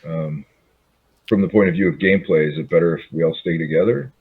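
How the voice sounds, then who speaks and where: A man's voice: low-pitched, fast, husky. A man as a player in a tabletop role-playing game, asking unsure questions over a tinny call line.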